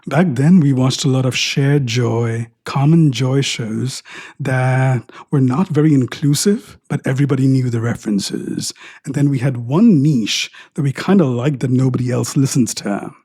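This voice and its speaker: A man's voice: mid-range voice, dark tone, breathy edge, no echo, studio quality. A middle-aged man from India, hosting a podcast, giving a reflective personal monologue with wry jokes and frequent tangents. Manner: wry, joking and prone to tangents. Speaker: podcast host.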